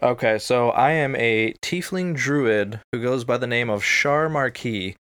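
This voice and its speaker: A man's voice: medium pitch, measured pace, fairly bright tone, smooth. A young man introducing his tabletop character, hesitant with frequent fillers. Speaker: player. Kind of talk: casual tabletop game chat.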